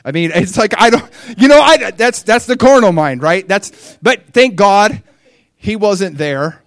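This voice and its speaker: A young adult man preaching a sermon with animated storytelling, acting out the voices of people in his stories. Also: high-pitched, unhurried, no echo.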